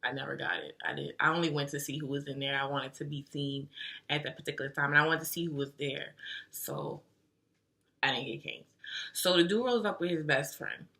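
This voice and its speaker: A woman's voice: low-pitched, brisk, bright, forceful tone. A young woman telling a story in a casual, slangy, chatty way to her vlog audience. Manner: slangy and chatty, with lots of fillers like "like". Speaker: vlogger.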